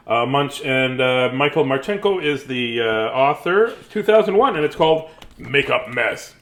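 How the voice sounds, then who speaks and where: A man in his fifties reads children's books aloud in an animated, somewhat bright voice on the high side, at an unhurried pace. He's goofy, singing silly rhymes and making jokey asides between pages.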